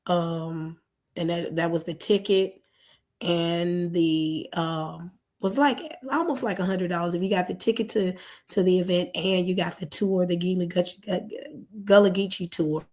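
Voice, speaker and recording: A hoarse woman, talking casually to her viewers, rambling with fillers and correcting herself as she goes. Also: fairly low pitch, fairly even intonation, unhurried, a little mellow. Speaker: channel host.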